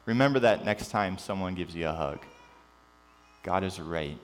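A man preaching a sermon, animated and joking at times, then dropping to quiet emphasis. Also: low voice, normal speed. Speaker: pastor. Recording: long reverb with mains hum.

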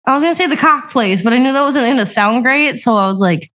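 A woman's voice: high-pitched, animated, fast, fairly bright tone. Rambling, giggly woman podcast co-host. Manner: rambling, giggly, loses her train of thought. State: just woken up. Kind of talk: casual podcast chat. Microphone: remote call recording.

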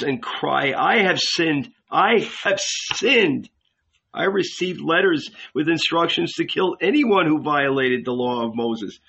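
A zealous young preacher with a high, cracked voice proclaims with burning fervour, as a man reads him in an audiobook. The tone is bright and forward. The recording sounds slightly muffled. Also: creaky, full character voice. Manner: fervent, proclaiming. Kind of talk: audiobook reading.

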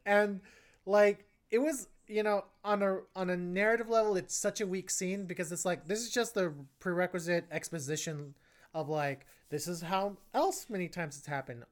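A woman's voice: lowish voice, expressive, normal speed. A woman co-hosting a casual movie review podcast, rambling with many restarts. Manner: rambling, frequent restarts and laughs. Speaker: podcast co-host.

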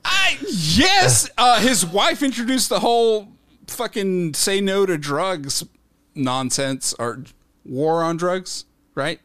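High bright animated man, dry sound. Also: slow, clear, resonant tone, no echo. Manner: joking, blurts and interrupts. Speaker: podcast co-host. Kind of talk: casual chat.

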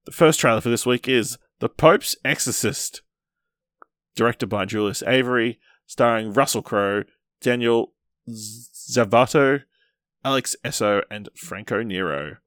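A man hosting a film podcast, reading out trailer details and chatting in a steady way. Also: mid-range voice, measured pace, no echo, studio quality. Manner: steady, reads listings, laughs easily. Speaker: podcast host.

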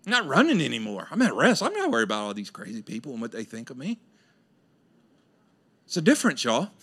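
A middle-aged man preaching a sermon, animated and colloquial, swinging between loud high exclamations and quiet low asides. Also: quick pace, slightly rough. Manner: colloquial, acts out listeners' voices, laughs often. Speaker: pastor. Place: church sanctuary.

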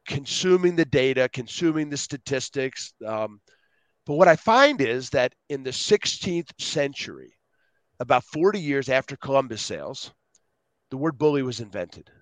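A middle-aged man, a guest on an interview show, telling stories in an animated, rambling way. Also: medium pitch, no echo. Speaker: guest speaker. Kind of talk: casual interview storytelling.

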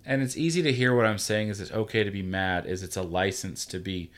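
An earnest man hosting a relaxed podcast chat. His voice sits low, and he talks in a reassuring, storytelling way. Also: a little fast. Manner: earnest, reassuring, tells stories. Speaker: podcast host, father. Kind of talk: casual chat.

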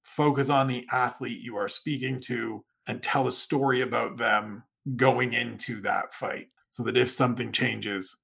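A man's voice: medium pitch, steady tone, measured pace, gravelly, few pauses, bright, forceful tone, breathy edge. A man from Canada, a guest writer on a podcast, explaining things at length in casual chat and giving advice.

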